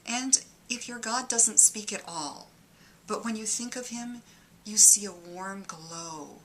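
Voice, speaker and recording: A woman with a Midwestern Detroit accent giving a deadpan comedic monologue of mock-earnest warnings. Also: medium pitch, measured pace, a little hiss or hum. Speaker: comic monologist.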